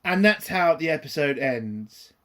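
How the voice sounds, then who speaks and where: A man's voice: on the high side, expressive, a little slow, fairly bright tone. A man ranting through a TV episode review, profane, exasperated and sarcastic.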